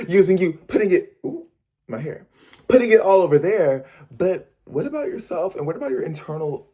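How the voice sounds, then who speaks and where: A man talking casually to his viewers, with a voice that leaps high and drops low as he goes. He interrupts himself, laughs at his own tangents and keeps circling back to his point in a loose, playful chat. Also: a little mellow. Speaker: vlogger and performer.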